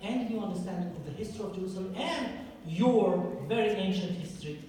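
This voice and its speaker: A man's voice: sits high, brisk, darkish tone. A man delivers an emphatic history lecture, stacking up repeated points. His voice is caught from a distance in a large, very echoey hall with a long reverb, and a faint noise sits underneath. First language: Arabic.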